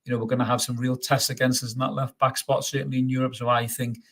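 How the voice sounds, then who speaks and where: A man's voice: mid-range voice, quick pace. A man hosting a live post-match fan stream, reading out viewer comments and chatting back, upbeat and calling everyone mate, often stumbling over repeated words. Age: adult father. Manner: stammers and repeats words when excited. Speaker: fan channel host.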